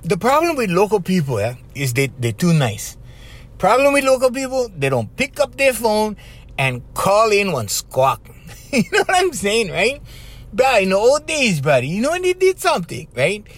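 Middle-aged Hawaiian Pidgin-speaking male host; raised pitch, swinging intonation, talks straight to his listeners. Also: moderate pace. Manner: animated, chatty, addresses listeners directly with 'bruh' and 'right?'. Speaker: podcast host. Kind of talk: casual motivational talk.

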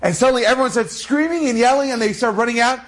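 A male religious storyteller with a high-set voice, telling the tale dramatically. He speaks with animated energy and draws lessons for his listeners. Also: fast. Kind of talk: inspirational story sermon.

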